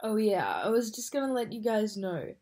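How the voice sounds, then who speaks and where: A young woman addresses her viewers directly in a chatty, rambling vlog intro, correcting herself as she goes. Her voice is mid-pitched and plain. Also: sing-song, moderate pace, darkish tone. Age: young adult. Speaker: vlogger. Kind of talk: direct-to-camera vlog talk.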